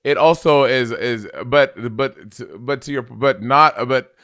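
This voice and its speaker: Bright-voiced teasing podcast co-host man. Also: mid-range voice, unhurried, smooth. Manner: teasing, animated, pushes back. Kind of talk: casual banter.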